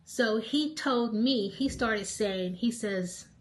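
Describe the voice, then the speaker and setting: A middle-aged woman vlogger recounting a trip to camera in an animated, emphatic way, often checking in with "okay?". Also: fairly high pitch, slow pace. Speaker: travel vlogger. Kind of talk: casual storytelling to camera.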